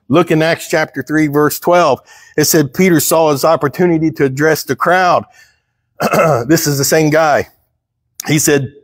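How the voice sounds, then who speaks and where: A man's voice: a little high, no echo, clean studio sound. A man preaching a sermon, reading scripture aloud and explaining it in a conversational way, with questions to the congregation. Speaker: pastor. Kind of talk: sermon, Bible teaching. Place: church.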